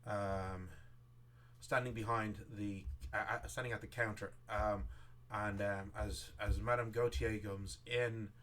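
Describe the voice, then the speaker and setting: A man narrating a tabletop game as game master, rambling with many pauses and restarts. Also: on the low side, fairly even intonation, a bit bright, slight background noise.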